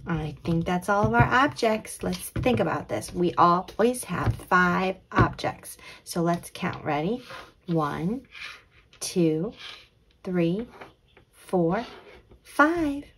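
A young woman teaching a children's letter lesson, gentle and drawn-out, sometimes dropping into a whisper. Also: mid-range voice, a little hiss or hum. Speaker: kids' teacher.

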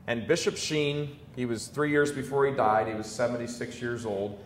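An American man in his fifties gives an emphatic preaching talk to a live audience. He swings between loud declarations and quiet storytelling. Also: steady tone, moderate pace. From United States. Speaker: Catholic speaker addressing an audience. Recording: echoey room, faint low rumble.

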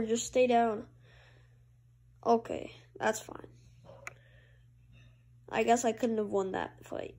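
A woman with a high, bright voice calls her hockey video game as she plays. She talks casually through passes and shots, then bursts into loud cheers when a goal goes in. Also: moderate pace, long pauses, slight background noise. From Canada. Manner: excitable play-by-play, jumps to loud high cheers at goals. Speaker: gamer. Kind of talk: commentating own hockey video game play.

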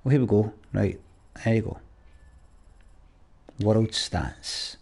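A man's voice: lowish voice, slow pace, creaky, a little mellow, breathy edge. A Scottish man chatting and ranting as he plays a game, swearing freely. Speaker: gamer. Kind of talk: let's play commentary.

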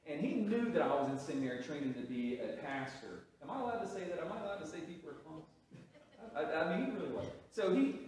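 A man's voice: high voice, darkish tone, a little hiss or hum. A man preaching a sermon as pastor, telling a story with restarts and rising emphasis. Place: church sanctuary. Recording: very echoey hall, from a distance.

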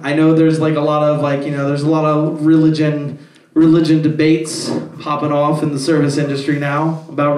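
A man's voice: fairly high pitch, recorded from a distance. Rambling young stand-up man, roomy club. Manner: rambling, heavy filler words and swearing. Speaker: stand-up comedian. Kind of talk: stand-up set. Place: comedy club stage.

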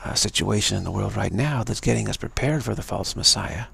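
Male spiritual teacher, low voice, heavy gravel, loops back on his own phrases as he talks. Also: fairly quick, fairly bright tone. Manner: repeats phrases over and over. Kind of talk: unscripted spiritual talk. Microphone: livestream mic.

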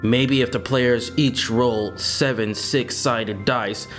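A man's voice: mid-range voice, fairly even intonation, slow, a bit bright, faint music behind. A man reading the lines of a nervous, nerdy young man in a game, hesitant and anxious.

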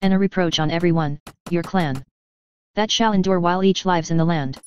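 A woman reading an epic poem aloud in a measured, steady recitation. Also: fairly low pitch, clear, resonant tone, lo-fi sound. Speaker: reader.

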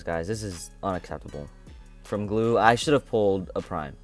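A man's voice: lowish voice, lively intonation, moderate pace, no room sound, faint music behind. A young man hosting his own gaming channel, commentating a mobile game box opening in a frustrated, complaining way and repeating himself.

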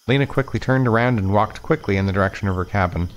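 A man reading a visual novel aloud in first person. He keeps a measured pace and now and then stumbles over a word and restarts. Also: on the low side. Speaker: let's play narrator.

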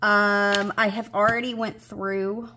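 A woman's voice: medium pitch, flat delivery, slow, sharp tone, slight background noise. Tired woman coaxing her dice. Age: 30s. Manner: coaxing and scolding the dice, playful and salty. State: unwell and tired. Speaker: budgeting vlogger. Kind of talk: casual chat to viewers while rolling dice.

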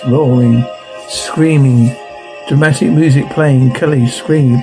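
A man reading a TV episode transcript aloud, listing its sound cues in a flat, steady manner. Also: mid-range voice, unhurried, low-quality recording. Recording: music playing under the voice.

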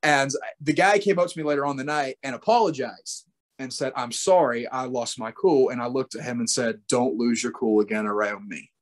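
A man's voice: mid-range voice, normal speed. A man being interviewed as a wrestler, telling stories with animation, laughing and acting out his own remarks. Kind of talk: casual interview chat.

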